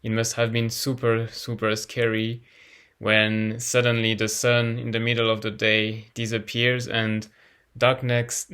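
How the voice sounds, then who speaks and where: Non-native English-speaking man teaching astrology, halting and unhurried delivery. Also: medium pitch, fairly bright tone, clean tone. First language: not English. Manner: hesitant, repeats words while searching for them. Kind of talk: casual explanatory talk.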